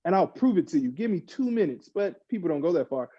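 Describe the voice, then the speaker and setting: A man, a podcast guest, chatting casually and getting worked up, acting out other people in quick mock quotes. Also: fairly high pitch, husky, no echo, highs cut off. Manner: animated, rants with mock quotes. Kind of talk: casual chat.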